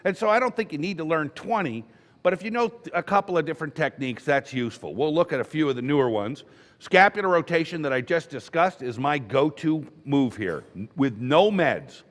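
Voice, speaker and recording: A man's voice: on the high side, fairly bright tone, big-room sound. A man teaching emergency medicine at a conference, talking in a loose, conversational way and telling stories with acted quotes. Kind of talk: conference lecture.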